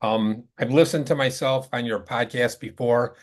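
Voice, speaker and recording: A man's voice: mid-range voice, normal speed. Older male guest, heavy Chicago accent, retired detective, chatty and self-mocking. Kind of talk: casual chat.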